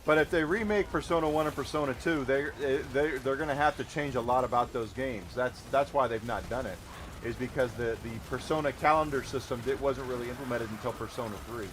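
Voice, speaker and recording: A man's voice: mid-range voice, brisk, a little hiss or hum. A man streaming a game live, chatting casually and thanking viewers as he plays.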